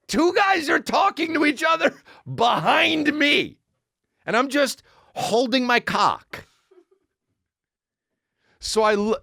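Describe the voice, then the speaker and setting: A man hosting a podcast, telling a comedic story in a profane, animated way that climbs high as he gets excited. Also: gravelly, dry recording, studio quality. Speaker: podcast host. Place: podcast studio.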